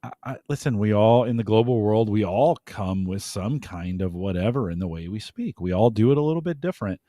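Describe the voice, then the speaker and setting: A man's voice: on the low side, lively intonation, fairly quick, dark tone, no echo, studio quality. A man co-hosting a podcast, talking in a conversational, agreeable way with frequent restarts. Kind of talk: casual podcast chat.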